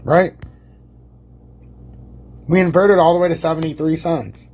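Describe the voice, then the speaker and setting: A man streaming casual market commentary, brash and boastful, swearing freely and rambling, with a husky voice. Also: on the high side, fairly even intonation, unhurried, darkish tone. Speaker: crypto chart streamer.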